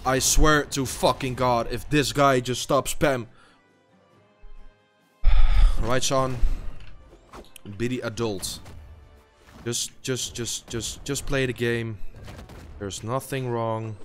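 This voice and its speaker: A man's voice: medium pitch, steady tone, takes it slowly, long pauses, a bit bright, soft background music. Tired young man raging over a game. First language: not English. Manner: raging, swearing, muttering to himself. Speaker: gaming YouTuber. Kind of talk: live gameplay commentary.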